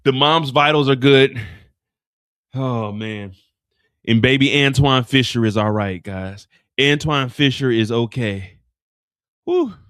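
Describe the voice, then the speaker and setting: A man hosting a casual show, lively and slangy as he retells an episode and acts out the scenes. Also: medium pitch, slow, clean tone. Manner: lively storytelling, slangy, sound effects. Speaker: show host recapping an episode. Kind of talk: animated casual recap, acting out scenes.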